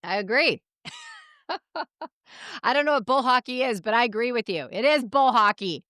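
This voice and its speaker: A woman's voice: a little high, animated, moderate pace, no room sound, studio quality. A woman podcast host, enthusiastic and affirming, interviewing a guest and then reading the show's outro. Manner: enthusiastic, agreeable, warmly affirming.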